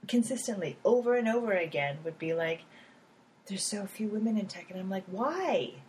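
A woman founder talking casually in an interview, animated, with lots of fillers, laughs and acted-out quotes. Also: mid-range voice, brisk, rough recording. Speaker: app founder.

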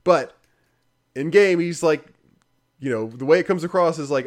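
A man's voice: on the high side, normal speed, long pauses. A man in casual conversation, rambling through a critical game review with lots of fillers and the odd laugh. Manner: rambling, heavy use of fillers, frequent laughs; dry, critical.

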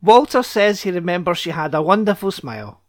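A man's voice: high voice, big pitch swings, a little fast. A man hosting a podcast, recapping a TV episode in casual chat with sarcastic asides and casual swearing.

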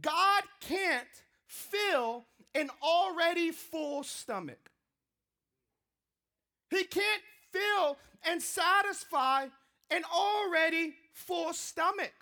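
A man preaching a sermon, telling a funny personal story in an animated, joking way. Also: very high-pitched, drawn-out words. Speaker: pastor.

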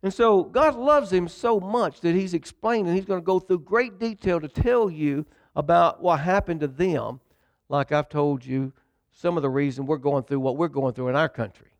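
A preacher man with a gravelly, rough-edged voice pitched a little above the usual. He delivers his sermon with dramatic voiced quotes and quick asides, swinging between reading scripture and talking straight to the congregation. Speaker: pastor.

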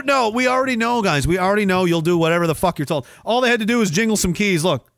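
A man's voice: lively intonation, fast, creaky, hardly any pauses, fairly bright tone, dry recording, clean studio sound. A man hosting a livestream, ranting in a profane, rambling way and mocking others with sarcastic put-on voices. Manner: sarcastic, mocks others in high mimicking voices. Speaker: livestream host.

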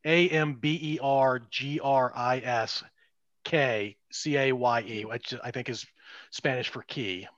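A man's voice: medium pitch, steady tone, slow, a bit bright, dry recording, lo-fi sound. A middle-aged man co-hosting a podcast, chatting casually and rambling with restarts and asides. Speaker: podcast co-host. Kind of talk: casual chat.

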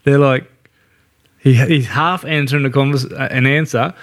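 A man's voice: medium pitch, steady tone, normal speed, fairly bright tone. An Australian man co-hosting a casual pub-banter podcast, blunt and sweary, laughing through his stories. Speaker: podcast co-host.

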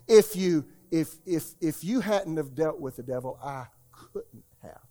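A male preacher voicing Jesus in a sermon story, speaking sweetly and calmly, sometimes sternly. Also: fairly high pitch, unhurried. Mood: gentle. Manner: sweet and calm, turning stern. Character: Jesus, calm and firm, gentle then stern.

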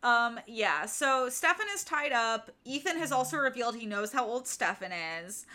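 A woman's voice: on the high side, expressive, normal speed, pushed and bright. A woman co-hosting a casual book-recap podcast, exasperated and ranting, swearing freely. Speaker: podcast co-host.

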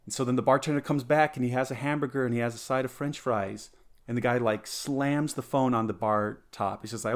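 A man co-hosting a podcast, telling a long joke in casual chat with many restarts and quick voices for the characters. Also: medium pitch. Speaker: podcast co-host.

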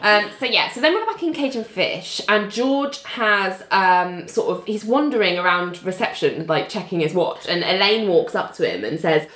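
A woman co-hosting a casual recap chat, telling the story in a lively way and acting out the quotes. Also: mid-range voice, normal speed, hardly any pauses. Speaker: podcast co-host. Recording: echoey room.

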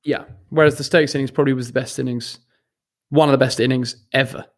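A man's voice: mid-range voice, fairly even intonation, fast. A young man co-hosting a podcast, stammering and repeating words in casual chat. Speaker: podcast co-host.

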